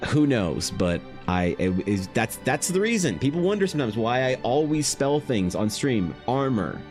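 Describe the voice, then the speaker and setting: A man's voice: medium pitch, big pitch swings, moderate pace, darkish tone, faint music behind. A man from Canada, chatting casually on his art livestream and rambling through a profane anecdote full of restarts. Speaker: artist streaming while drawing. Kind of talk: casual live-stream chat.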